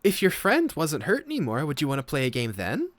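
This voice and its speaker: A man voicing a mischievous little girl spirit made of ink, shrill, bratty and defiant. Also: huge pitch swings, fairly quick, fairly bright tone, no room sound. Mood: eager.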